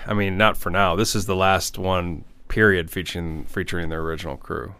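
Deadpan male podcast co-host, smooth low voice. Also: brisk. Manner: dry, deadpan, questioning. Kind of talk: casual comedic chat.

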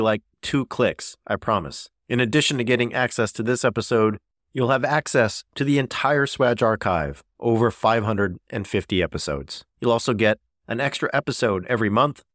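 A man's voice: mid-range voice, expressive, normal speed, fairly bright tone, no echo, studio quality. A man reading a scripted podcast promo, with casual asides.

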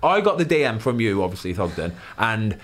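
A middle-aged man hosting a casual podcast, telling animated stories and acting out quotes. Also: on the low side, a little fast. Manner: animated storyteller, acts out quotes. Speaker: podcast host.

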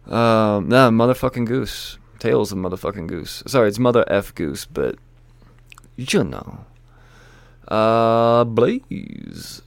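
A man's voice: medium pitch, creaky, no room sound. A man casually running through the week's new comic books, rambling, joking and swearing as he goes. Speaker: comic book shop owner reviewing weekly releases. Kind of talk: casual solo chat about new releases.

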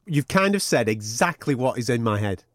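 A man hosts a boxing podcast with teasing, jokey banter. His pitch swings widely as he talks and he swears casually. The recording is dry and close-miked. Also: expressive, normal speed, dry recording. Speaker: podcast host and radio commentator.

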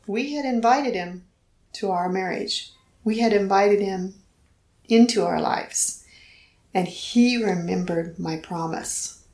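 A woman's voice: medium pitch, takes it slowly, a little mellow, reverberant, low-quality recording. A middle-aged woman earnestly telling a personal faith story in conversation, acting out the voices she quotes. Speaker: guest telling her story.

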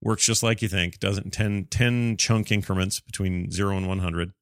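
A man's voice: sits low, steady tone, normal speed, dry recording, clean studio sound. A man hosting a podcast, reading listener emails aloud and chatting about them in a rambling, self-deprecating way. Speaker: podcast host.

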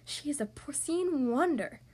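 Woman voicing a gentle, flustered storybook husband. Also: high voice, lively intonation. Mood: mild. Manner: slow, mild, hesitant.

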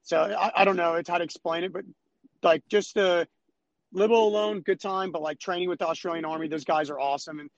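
Young male guest, higher voice, dry close sound, laid-back. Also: fairly quick, no room sound. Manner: relaxed, rambling with fillers. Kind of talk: casual chat. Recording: dry, slightly dull sound.

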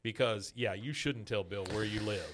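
A man's voice: on the low side, normal speed, crowd noise. Easygoing man recapping a cartoon. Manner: relaxed storyteller, acts out quotes, laughs often. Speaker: podcast host. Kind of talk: casual chat, recapping a cartoon episode.

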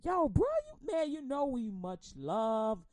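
A man's voice: extremely high pitch, big pitch swings, slow pace, a little mellow, full character voice. A woman voicing a laid-back male disciple who talks in casual street slang, buddy-like. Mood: easygoing.

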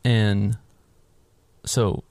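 A man's voice: lowish voice, level tone, drawn-out words, creaky, darkish tone, no room sound. A man casually retelling a film's plot as a podcast co-host, swearing freely and acting out his own reactions. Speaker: podcast co-host recapping a film. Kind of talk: casual chat.

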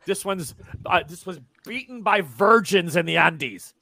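A man's voice: high-pitched, a little slow, creaky, no room sound, exaggerated voice. A man voicing a pushy, chatty traveling tinker who rambles and talks up his wares. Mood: eager. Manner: eager salesman, rambling and excitable.

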